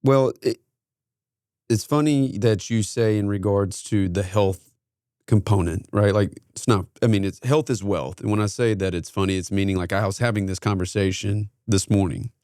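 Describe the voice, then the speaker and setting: Male podcast host, low and dry, reflective talker. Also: moderate pace, a little mellow, no room sound. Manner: thoughtful, leans on sayings and personal stories. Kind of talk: reflective interview talk.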